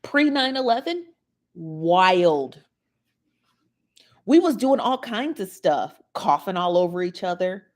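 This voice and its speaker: A woman's voice: medium pitch, darkish tone. A woman, chatting animatedly as a podcast co-host and laughing often. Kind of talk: casual chat.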